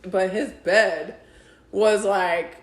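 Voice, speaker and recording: A woman's voice: mid-range voice, steady tone, very slow. A woman co-hosting a podcast, chatting casually and telling profane, laughing stories. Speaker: podcast co-host. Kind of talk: casual chat. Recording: echoey room.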